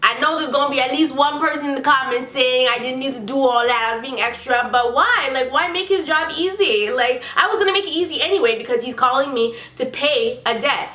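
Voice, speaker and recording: Young woman vlogger, high and bright, swears freely, roomy echo with faint music under it. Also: fairly quick, few pauses. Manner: animated, profane, laughing. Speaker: beauty vlogger. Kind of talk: casual storytime.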